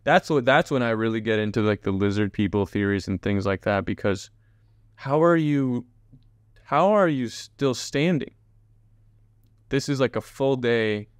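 A man with a fairly low, smooth and clear voice rambles through a casual solo podcast, hopping from tangent to tangent. He talks straight to his viewers as a chatty host. The sound is close and dry, with no room around it. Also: no room sound.

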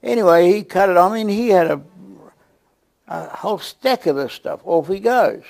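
A man with a South African accent telling a lively testimony story to a church, acting out the scenes as he goes. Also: high-pitched, moderate pace, vocal fry. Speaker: guest preacher.

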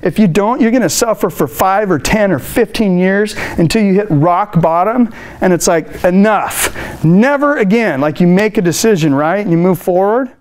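A man giving a motivational customer service training talk to a live room, energetic and playful, acting out phone calls. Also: high voice, normal speed, few pauses.

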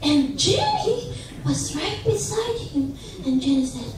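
A woman telling a children's story at a church service, animated, and often asking the children questions. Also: sits high, slow pace, slight background noise. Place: large church sanctuary. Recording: echoey church hall from far off.

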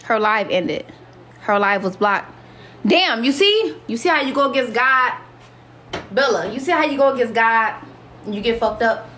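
A woman's voice: a little high, expressive, moderate pace, pushed and bright, slight background noise. A woman hosting a casual livestream, talking to viewers in a brash, boastful, profane way. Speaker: livestream host.

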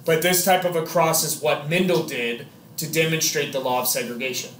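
A man's voice: on the high side, steady tone, normal speed, a bit bright, a little hiss or hum. A man teaching a biology class, chatty and joking, quizzing his students as he explains. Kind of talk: classroom lecture. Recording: echoey classroom.

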